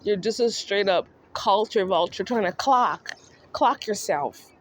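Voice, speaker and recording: A woman's voice: medium pitch, unhurried. A woman vlogger ranting in a scolding, mocking monologue that speaks straight to the person she criticizes. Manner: scolding, mocking, addresses the subject directly.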